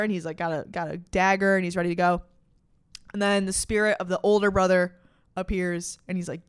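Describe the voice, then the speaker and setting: A woman's voice: medium pitch, fairly even intonation, a little fast, clear, resonant tone, no echo, clean studio sound. A young adult woman hosting a podcast, retelling a story in casual, profane, slang-filled chat with dramatic emphasis. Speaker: podcast host.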